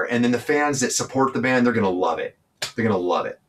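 A man from California answers interview questions in a fairly low voice. He talks bluntly and with emphasis, and he swears without holding back. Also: quick pace, fairly bright tone. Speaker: interview guest, singer. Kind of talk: candid interview talk.

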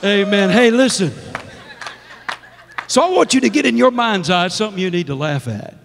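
A middle-aged guest minister preaches a sermon in a church sanctuary, calling out to the congregation and laughing often with exuberant energy. His voice sits high and sounds gravelly, animated, and moderately paced. The recording carries long church reverb and a noisy background.

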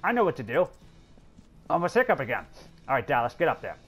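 Man, excitable gameplay commentary, lively swooping voice, swears a lot, faint game music behind. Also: medium pitch, fast talker, husky. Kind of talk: casual let's play commentary.

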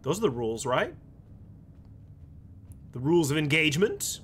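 A man's voice: on the high side, sing-song, moderate pace, a bit bright, slight background noise. A man hosting a gaming video, rambling playfully and swearing freely as he plays. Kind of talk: let's play commentary.

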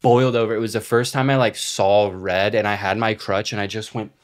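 A young male podcast co-host with a fairly low voice tells a story in loose, casual chat. He swears a lot and fills his sentences with "like" and "um.". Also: little pitch movement, a little fast. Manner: profane, rambling storytelling with many fillers.

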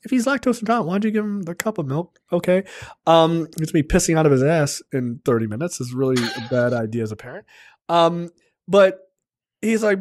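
Man, slightly high voice, profane rambling recap, dry close sound. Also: lively intonation, fairly quick, no room sound. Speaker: podcast co-host. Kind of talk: casual movie review chat.

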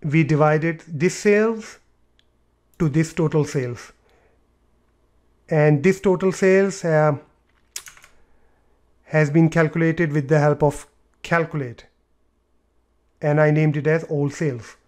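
Male tutor, higher-pitched, talks through each click plainly, light typing in background. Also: takes it slowly, pauses often, a little mellow. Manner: explains step by step with fillers and repeats. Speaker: tutorial presenter. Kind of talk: screen-recorded software tutorial.

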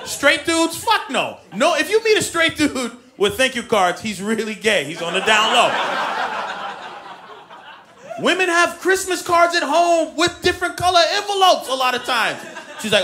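Male stand-up comic, high voice, swoops all over, profane acted-out storytelling, live recording with audience noise. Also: sing-song, moderate pace. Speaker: stand-up comedian. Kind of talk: stand-up comedy routine. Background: audience laughter.

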